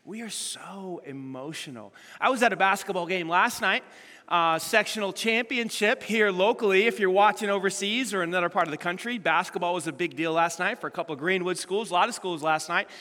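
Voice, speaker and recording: A middle-aged male pastor preaches a casual, story-driven sermon, acting out the people in his anecdotes. His voice is bright and ringing and sits a little high. The sound carries a long reverb from a large church hall. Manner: animated storytelling, acts out quotes.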